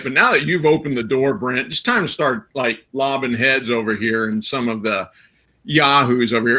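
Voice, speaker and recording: A man talking on a live stream in casual chat, playful and excitable. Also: medium pitch, fairly quick.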